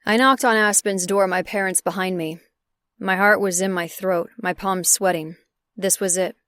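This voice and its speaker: A woman's voice: mid-range voice, steady tone, moderate pace, fairly bright tone, no echo, clean studio sound. Woman narrating a romance audiobook. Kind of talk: scripted first-person narration.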